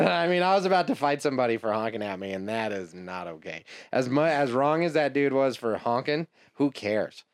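A man's voice: medium pitch, no echo, clean studio sound. Rambling, joking male podcast co-host. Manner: rambling, joking, quick to laugh, swears casually. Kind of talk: casual chat.

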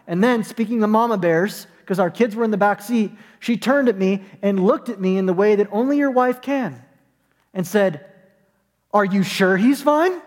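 A man with a high voice preaching, his words trailing into a long, ringing reverb. He tells a story and slips into the voices of its people, then turns it into a call to his listeners. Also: normal speed. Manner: storytelling, acts out voices in anecdotes. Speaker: pastor. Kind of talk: sermon. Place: church, online service.

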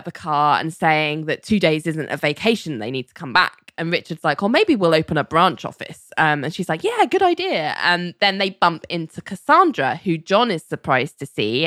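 Woman, lower voice, dry close sound; chatty recap host, animated. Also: no echo. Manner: animated storytelling, quoting characters, laughing often. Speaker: podcast co-host recapping a TV episode. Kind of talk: casual chat.

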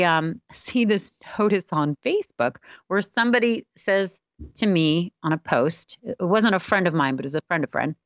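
A woman's voice: lowish voice, no room sound, highs cut off. A middle-aged woman, a spiritual wellness teacher, telling a personal story candidly and often laughing at herself.

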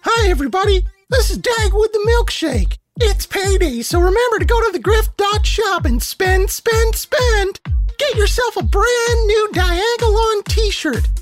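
A man voicing a high-pitched male ad pitchman who turns into a profane, threatening debt collector. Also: unhurried. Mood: chipper pitch. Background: electronic music.

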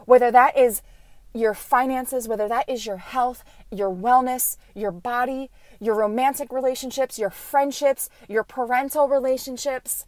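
A woman's voice: a little high, darkish tone, dry recording. A woman in her thirties hosting a motivational podcast as a coach, talking in an emphatic, earnest and encouraging way.

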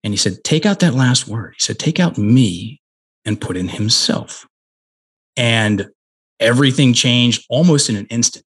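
A man's voice: medium pitch, expressive, unhurried, breathy edge. A middle-aged man, a guest in an interview, telling a personal story earnestly with frequent restarts.

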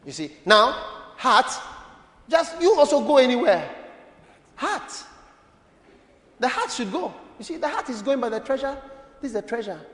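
High-pitched, animated preaching bishop. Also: male voice, normal speed, pauses often. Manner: animated, playful, calls on the congregation. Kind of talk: lively sermon. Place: church hall. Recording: echoey church hall.

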